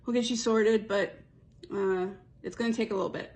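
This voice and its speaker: A woman doing a curt, hurried mechanic man. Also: medium pitch, steady tone, a little mellow, natural voice. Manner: short, snippy, hurried.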